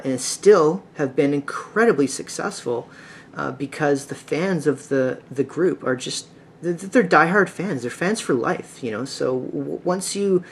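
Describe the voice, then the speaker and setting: A man talks loosely through a music podcast, stopping and restarting his sentences with frequent fillers. His voice sits at an ordinary middle pitch. A faint hiss stays under the recording. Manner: rambling, many fillers and restarts. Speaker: podcast host. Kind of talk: casual solo podcast talk.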